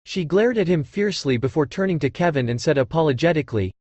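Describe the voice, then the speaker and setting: A man narrating an audiobook in a steady storytelling read. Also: a little high, fast talker, dry recording, highs cut off. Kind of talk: scripted narration.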